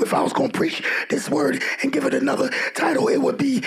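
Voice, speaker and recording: A man preaching a sermon, shouting with fervor and humor, calling on the congregation to answer back. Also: very high voice, expressive, brisk, gravelly. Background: loud music.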